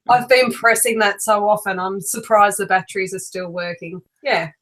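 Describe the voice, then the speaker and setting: A woman talks casually as a guest on a live stream. She is chatty and giggles often, filling her sentences with ums and little asides. Her voice sits at an ordinary middle pitch. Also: fairly even intonation, normal speed, fairly bright tone, poor audio. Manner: chatty, giggly, many fillers. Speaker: guest, doll maker.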